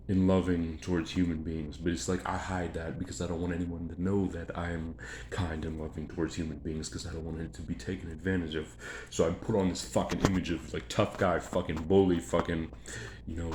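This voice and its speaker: A man's voice: low-pitched, normal speed, darkish tone. A man in a rambling, profane, repetitive monologue about himself, often repeating phrases for emphasis. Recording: echoey room, faint background noise.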